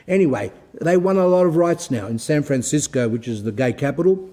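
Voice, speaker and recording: A man's voice: mid-range voice, animated, warm tone. Blunt man giving a moral talk. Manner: blunt, moralizing, slows down to read quoted passages. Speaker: Orthodox Christian speaker. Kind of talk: recorded moral talk, reading and commenting on a text.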